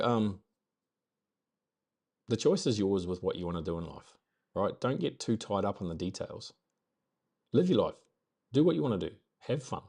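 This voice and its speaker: A man's voice: fairly low pitch, mellow, husky. A man from New Zealand with a New Zealand accent, hosting a casual motivational live stream, upbeat and rambling, repeating his key phrases. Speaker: host of a daily live stream.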